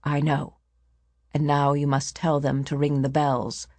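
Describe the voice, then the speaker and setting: A woman's voice: sits low, completely flat delivery, a little slow, a little mellow, no echo, pitched below the performer's own voice. Woman reading a firm, grave pharaoh. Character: firm grave pharaoh, male, middle-aged. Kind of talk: audiobook character voice.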